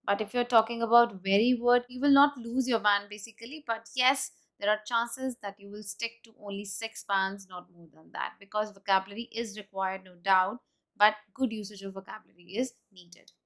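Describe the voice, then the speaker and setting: A woman's voice: mid-range voice, steady tone, normal speed, fairly bright tone. A woman with an Indian English accent teaching an exam-prep speaking lesson, explaining step by step and modelling example sentences aloud.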